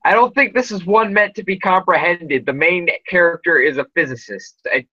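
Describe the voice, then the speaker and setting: A man's voice: sits high, moderate pace, bright, forceful tone, dry recording, dull audio. Chatty male podcast host, dry sound. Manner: rambling with many fillers and restarts. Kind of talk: casual chat.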